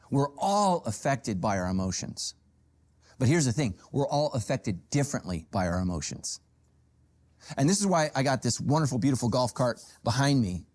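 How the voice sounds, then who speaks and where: A middle-aged male pastor preaching a sermon, telling stories with humor and sudden jumps in pitch. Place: church stage with a golf cart prop.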